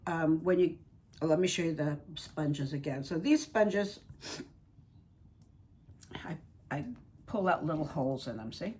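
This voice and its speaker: Chatty woman with a lowish voice. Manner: chatty, rambling, warm toward her dolls. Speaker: reborn doll artist and channel host. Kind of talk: casual vlog chat while painting dolls.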